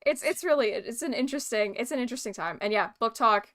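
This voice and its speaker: A woman's voice: a little high, quick pace, fairly bright tone. A young woman from British Columbia, a guest on the show, chatting casually and rambling with lots of fillers. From British Columbia, Canada. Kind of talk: casual chat.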